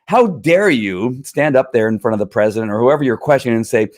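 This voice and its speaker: A man's voice: medium pitch, expressive, a little fast, a little mellow. A man hosting a live opinion stream, talking in a fired-up, rambling way, often restarting his sentences and answering comments from viewers. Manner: fired-up, talks back to critics, many restarts. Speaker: livestream host. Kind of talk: casual opinion livestream.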